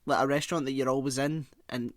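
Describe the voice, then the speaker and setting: A man co-hosting a podcast in casual chat, animated and sweary, breaking into mocking voices of relatives. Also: mid-range voice, fast, dry recording, studio quality. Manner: animated, swearing, mimics relatives with put-on accents. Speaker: podcast co-host.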